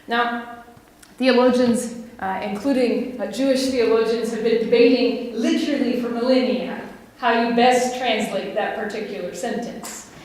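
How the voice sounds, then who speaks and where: A woman's voice: on the high side, moderate pace, darkish tone. A woman pastor with a West Virginian accent, preaching a sermon in a conversational way, laughing and asking the congregation questions. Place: church sanctuary. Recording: echoey church hall mic from a distance.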